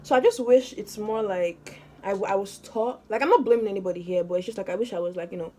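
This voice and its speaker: A woman's voice: medium pitch, fast talker, dark tone, a little hiss or hum. A young woman talks straight to her viewers in a loose get-ready-with-me vlog. She rambles through a story with constant fillers and breaks into laughter often. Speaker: vlogger.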